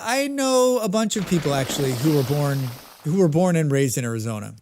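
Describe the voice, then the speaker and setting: Male streamer, casual chat with viewers, fairly high, animated delivery. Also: a little fast, background noise. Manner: chatty, reads and answers chat.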